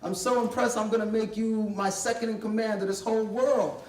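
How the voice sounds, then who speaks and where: A man voicing a grand ancient king exclaims in a generous, expansive manner. The voice is high and sounds distant in a roomy hall. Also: fairly even intonation, fairly quick, darkish tone, lightly acted. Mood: impressed. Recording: echoey hall from far off.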